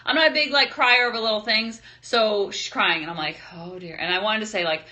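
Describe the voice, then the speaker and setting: Bright-voiced chatty mother giving parenting tips. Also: mid-range voice, brisk. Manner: chatty, animated, acts out scenes with her kids. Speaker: parenting talk host. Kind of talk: casual parenting talk to camera.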